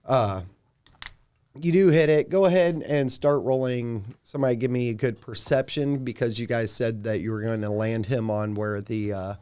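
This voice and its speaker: A man's voice: mid-range voice, normal speed, dark tone, clear, resonant tone. A man narrating as dungeon master in a casual, filler-heavy way. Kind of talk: narrating a tabletop game.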